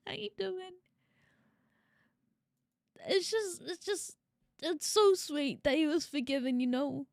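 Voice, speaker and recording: A woman's voice: extremely high pitch, lively intonation, takes it slowly, creaky, pauses often, no echo, studio quality. A woman VTuber streaming a casual reaction, emotional, laughing often and swearing freely.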